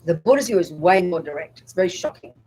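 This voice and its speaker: Her voice is fairly low, dark and a bit breathy, with lively intonation and a fast pace, heard over a rough recording. She's a Buddhist nun at a retreat delivering a blunt, emphatic dharma talk, quoting inner voices and checking that listeners follow.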